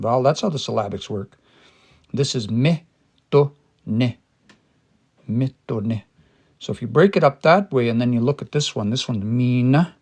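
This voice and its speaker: Gravelly man thinking aloud in a casual lesson. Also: medium pitch. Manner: thinks aloud with many fillers and restarts; sounds out words syllable by syllable. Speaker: Cree language teacher. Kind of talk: casual livestream language lesson.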